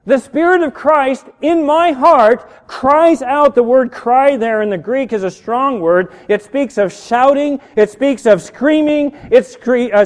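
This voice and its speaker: A middle-aged man pastor preaching a sermon, animated and building to shouts on key words. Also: sits high. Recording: reverberant hall.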